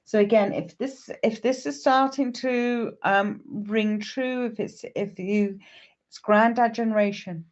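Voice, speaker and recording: A woman's voice: on the high side, steady tone, a little slow, highs cut off. A woman, a psychic medium, chatting on a live stream and greeting viewers by name.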